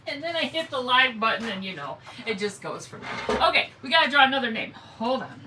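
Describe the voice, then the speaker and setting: A woman's voice: fairly high pitch, big pitch swings, a little fast, pushed and bright, distant mic, slight background noise, poor audio. A woman hosting a live craft stream, chatting casually and greeting viewers by name as she works. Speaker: craft livestream host.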